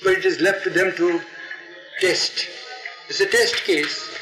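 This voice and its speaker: A man tells a story in a somewhat high voice, wandering into asides and acting out each figure. The recording is old archival tape with a roomy echo. Music plays clearly behind him. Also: measured pace. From India. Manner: animated, digressive, acts out the quotes. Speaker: storyteller, interviewee. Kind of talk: oral history storytelling.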